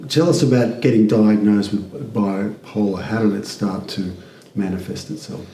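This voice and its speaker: A man interviewing a guest, asking questions in a relaxed, slightly hesitant way. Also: on the low side, normal speed, gravelly, echoey room, far from the mic, a little hiss or hum.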